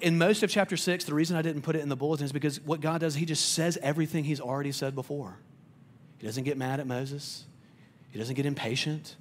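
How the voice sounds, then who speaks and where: Preaching in a conversational style, this pastor has a mid-range voice, with slight background noise in the recording. He tends to repeat words as sentences begin, and on tender moments his voice becomes quiet and soft.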